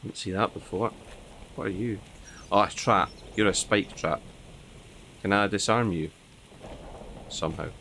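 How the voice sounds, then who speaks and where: Low-voiced man muttering over gameplay. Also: measured pace, pauses often, bright, forceful tone. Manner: muttering to himself, dry asides, occasional swearing. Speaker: gameplay commentator. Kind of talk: casual gameplay commentary. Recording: noticeable background noise.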